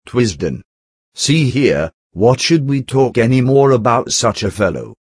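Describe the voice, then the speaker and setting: A man giving a steady, measured narrated reading of an old text, reading out the speaker tags. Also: medium pitch, slightly rough, dry recording, clean studio sound. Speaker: audiobook reader.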